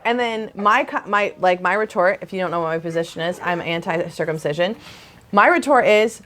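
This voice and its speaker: Woman co-host, animated storyteller, blunt and outspoken, casual conversation with her husband. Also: medium pitch, a little fast, a little hiss or hum. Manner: animated storyteller who acts out quoted relatives. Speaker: chiropractor and podcast co-host.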